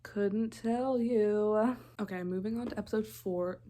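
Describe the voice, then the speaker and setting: A woman's voice: mid-range voice, fairly even intonation, measured pace, warm tone, a little hiss or hum. A young woman vlogger recapping a TV show in a casual, rambling way, often breaking off mid-thought. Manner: rambling, chatty, interrupts herself often.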